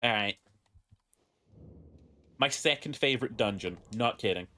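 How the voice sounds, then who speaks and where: A man's voice: medium pitch, unhurried, sharp tone. A man streaming a video game, joking crudely and chatting with his viewers. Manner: crude, joking, talks to chat. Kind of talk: casual gameplay commentary.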